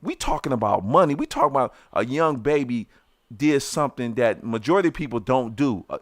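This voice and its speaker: A middle-aged man with a Detroit accent telling a personal story on a podcast in casual, heated talk, restarting his sentences, swearing, and loudly acting out what people said. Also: mid-range voice, animated, a little fast, dry recording, clean studio sound.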